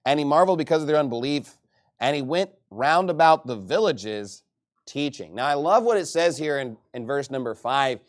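A man from Texas preaching a sermon in a lively, joking and emphatic way. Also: fairly high pitch, moderate pace.

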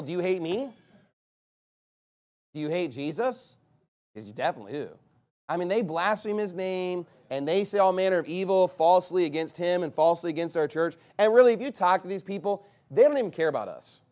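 A man preaching a fiery, scornful sermon as pastor of a church, with sudden loud bursts. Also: high voice.

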